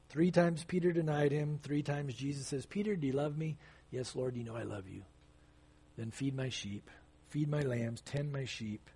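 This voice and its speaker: Husky-voiced, fervent preacher man. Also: a little high, dark tone. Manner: emphatic, conversational preaching with sudden bursts of intensity. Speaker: pastor. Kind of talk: expository sermon.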